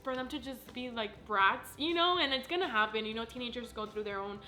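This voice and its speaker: Young female vlogger, new mom, effusive and bright-toned, soft music underneath. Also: a little high. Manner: emotional, effusive, quick to laugh. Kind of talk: casual chat.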